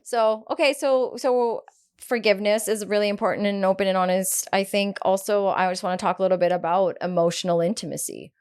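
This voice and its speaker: A woman co-hosting a podcast in a casual back-and-forth, with a mid-range voice. She tells personal stories openly and with lively energy. She swears now and then without a second thought. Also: medium pitch, brisk, smooth. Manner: candid, animated storytelling with casual swearing. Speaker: podcast co-host. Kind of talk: casual chat.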